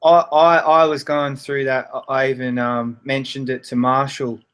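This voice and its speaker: A man speaking as a guest in a casual chat, hesitant and reflective, with many halting restarts. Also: mid-range voice, little pitch movement, a bit bright, clean tone.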